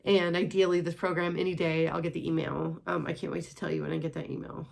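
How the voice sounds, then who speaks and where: A woman's voice: sits low, level tone, fast, gravelly, a little mellow. A woman in her twenties talking casually in a rambling vlog while walking on a treadmill at home. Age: 20s. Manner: chatty, rambling, sprinkled with swearing. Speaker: vlogger.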